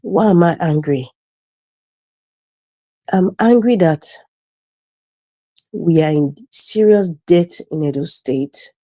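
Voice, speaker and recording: A woman's voice: lowish voice, takes it slowly, pauses often, mellow, no room sound. A woman with a Nigerian accent speaking as a panelist on a video call, giving impassioned political commentary, indignant and emphatic, repeating her phrases.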